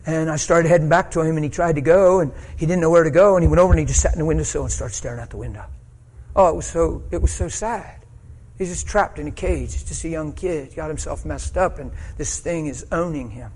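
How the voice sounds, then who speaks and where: Animated preacher telling a story. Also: male voice, on the high side, moderate pace. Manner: animated, swinging from hushed to loud shouted peaks. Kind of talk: sermon storytelling.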